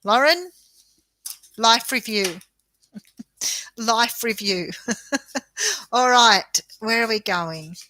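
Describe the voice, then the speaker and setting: A woman's voice: a little high, animated, drawn-out words, pauses often, bright, forceful tone. An Australian woman, a tarot reader, giving chatty and reassuring readings on a live stream with frequent laughter.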